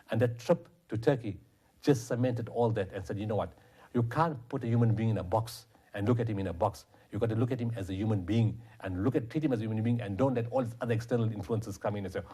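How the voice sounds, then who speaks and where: His voice is lowish, mellow, and husky. As a charity founder being interviewed, he tells stories passionately and brings in other people's words as dialogue.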